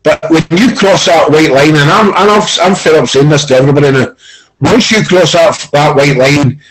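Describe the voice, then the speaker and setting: A Scottish man, a former football coach, chatting casually as a pundit and telling animated stories with plenty of swearing. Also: a little high, moderate pace, poor audio. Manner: animated storyteller, acts out quoted arguments, swears.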